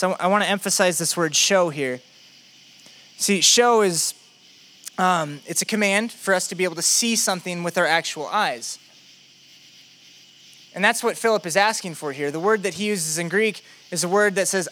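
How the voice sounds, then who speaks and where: A male pastor preaches in a relaxed, conversational way and asks his listeners many rhetorical questions. His voice is high and bright. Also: normal speed, pauses often. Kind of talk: sermon.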